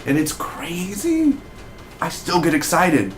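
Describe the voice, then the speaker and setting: A man giving a casual spoken review of a TV episode, rambling and excitable with lots of fillers. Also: on the high side, normal speed, slight background noise. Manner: rambling, excitable fan talk with many fillers.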